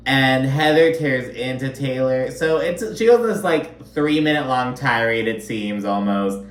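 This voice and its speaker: A man's voice: mid-range voice, lively intonation, slow, fairly bright tone, echoey room, distant mic. A man giving a sassy, profane recap of a reality show, full of gossip and swearing. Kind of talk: casual recap commentary.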